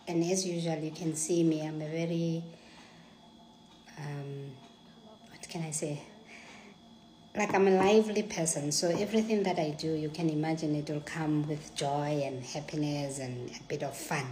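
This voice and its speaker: A South African woman telling a personal story in a lively, dramatic way, acting out the dialogue and dropping into hushed asides. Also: low-pitched, moderate pace, a little hiss or hum. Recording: echoey room.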